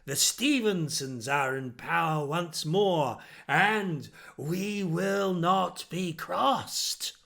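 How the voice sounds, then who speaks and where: A pompous, self-pleased lord, played by a man, drawls out his proclamations at an unhurried, stately pace. He sounds like a comic-villain nobleman in a tabletop game. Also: fairly high pitch, animated, creaky, fairly bright tone, voice pushed up, exaggerated voice. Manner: slow, grandiose proclamations.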